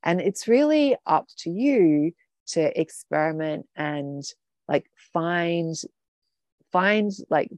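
A woman's voice: on the low side, animated, slow pace, a little mellow, no echo, muffled recording. A woman coaching a live group over a video call, talking casually and rambling with many fillers and restarts.

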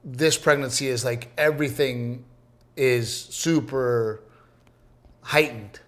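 A man in his thirties co-hosting a podcast in casual chat, telling stories and acting out quotes with big jumps in voice. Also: slow pace. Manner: animated storyteller, acts out quotes with big pitch jumps. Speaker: podcast co-host.

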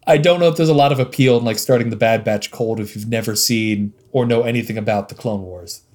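A man co-hosting a podcast, musing aloud with frequent ums and uhs and quiet trailing asides. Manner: musing, hesitant, many ums and uhs, drops to low asides. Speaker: podcast co-host. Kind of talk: casual podcast chat.

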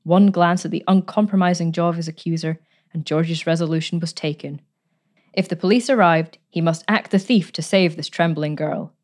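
A woman narrating a story aloud in a measured, even way. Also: on the low side.

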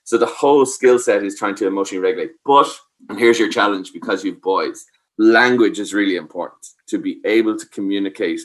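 On the low side and brisk, this man's voice carries a parenting expert's advice. He explains patiently and regularly checks in with "does that make sense?" so the listener follows along.

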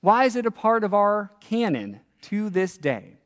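A man preaching a sermon, reading scripture and retelling it with animated storytelling and questions to his listeners. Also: high voice, measured pace, in a large hall. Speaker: pastor.

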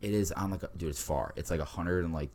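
A deep-voiced man in his twenties, a podcast guest telling laid-back stories with lots of laughs and fillers. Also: fast talker, darkish tone, slight background noise. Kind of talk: casual podcast chat.

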